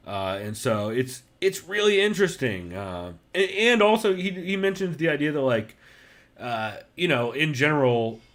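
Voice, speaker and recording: A man's voice: on the high side, very animated, normal speed, fairly bright tone. A man hosting a casual podcast, talking loosely with lots of fillers and swearing. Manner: loose and profane, many fillers. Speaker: podcast host.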